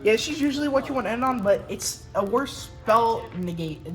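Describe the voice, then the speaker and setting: A woman casually explaining her card game deck, talking in a halting way with restarts and fillers. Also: on the high side, expressive, faint music behind, low-quality recording. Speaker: tournament winner showing her deck.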